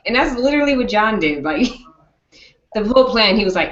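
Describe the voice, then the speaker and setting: A woman hosting a casual chat, giggly and animated. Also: high voice, brisk. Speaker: podcast host. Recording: echoey dull room sound.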